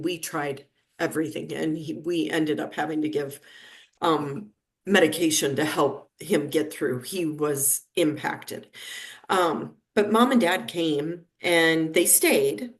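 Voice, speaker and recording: A woman in her fifties with a low voice tells a story in a podcast interview. She speaks as a neonatal nurse practitioner and acts out each person's quoted lines as she goes. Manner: lively anecdotal telling, acting out quoted dialogue.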